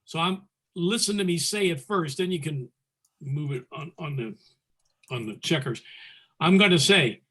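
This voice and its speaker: This man has a fairly high voice for a man. He is teaching square dance calling over a video call and breaks his moves into crisp, clipped commands between steady explanations. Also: moderate pace. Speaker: square dance caller presenting. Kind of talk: teaching talk, calling demonstration calls.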